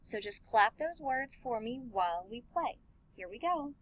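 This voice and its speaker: A woman music teacher giving an elementary music lesson, talking slowly and clearly and encouraging the class. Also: a little high, expressive, low-quality recording. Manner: slow, clear, encouraging teacher talk with sung and chanted examples.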